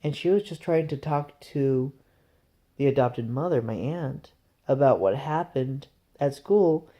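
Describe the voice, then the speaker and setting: A man's voice: medium pitch, expressive, unhurried, mellow. A man telling a rambling, conversational story to camera in a casual vlog. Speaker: vlogger.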